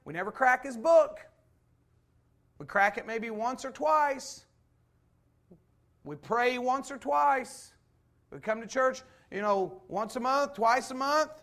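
A man in his forties preaches in a church with a noticeably high voice. He presses his points earnestly and drives them home with repeated rhetorical questions. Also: takes it slowly, pauses often, a bit bright. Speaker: pastor. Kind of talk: sermon.

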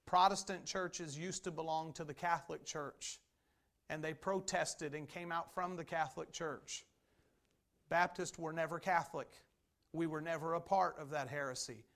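A man's voice: on the high side, fairly bright tone. A man preaching a sermon as a Baptist pastor, emphatic and repetitive. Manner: emphatic preaching with repeated phrases.

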